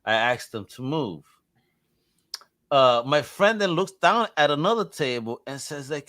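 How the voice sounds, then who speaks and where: A man with a New York accent hosts a casual podcast interview. His voice is bright and forceful. He jokes and tells stories freely as he talks. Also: a little high, sing-song. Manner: joking, storytelling, quick to laugh. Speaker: podcast host.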